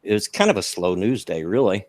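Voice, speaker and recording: A middle-aged man with a Southern US accent co-hosting a casual chat, laid-back and halting, laughing easily. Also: fairly low pitch, very animated, a little mellow, dry recording, studio quality. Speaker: podcast co-host.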